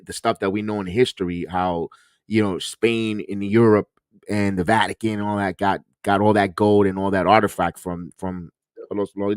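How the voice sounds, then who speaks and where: Low-voiced man musing in a dry room. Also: no echo. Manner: rambling, repeats words as he thinks. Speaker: co-host. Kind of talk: casual review chat.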